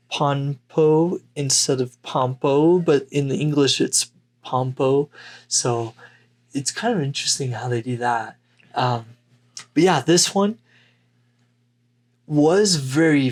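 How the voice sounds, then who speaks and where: Male podcast co-host, unhurried rambling delivery. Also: medium pitch. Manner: rambling, unhurried, many fillers. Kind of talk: casual chat.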